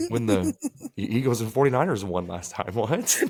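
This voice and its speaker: Man, low voice, casual podcast chat, rambling profane anecdotes. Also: moderate pace. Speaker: podcast co-host.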